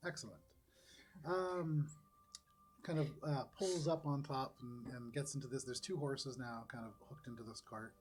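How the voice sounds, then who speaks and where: A man running a tabletop game as game master, narrating scenes in a relaxed, descriptive way. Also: mid-range voice, normal speed, a little hiss or hum. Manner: descriptive, relaxed, laughs often.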